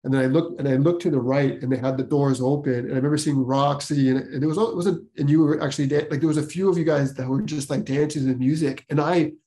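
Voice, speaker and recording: A man's voice: a little high, fairly even intonation, fast talker, few pauses, dark tone. A man hosting a podcast, telling his personal story casually, rambling and full of filler words. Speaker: podcast host.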